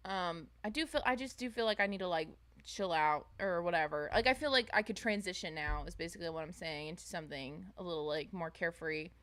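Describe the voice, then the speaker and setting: A woman's voice: fast, few pauses, fairly bright tone. A young woman streamer chatting casually with her viewers at home, rambling with fillers and restarts. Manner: high baby-talk voice to her pets. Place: home, indoors.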